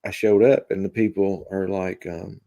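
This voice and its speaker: A man hosting a live stream, chatting casually with viewers in a deadpan, rambling way full of fillers. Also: low-pitched, moderate pace, gravelly. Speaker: live-stream host reading chat.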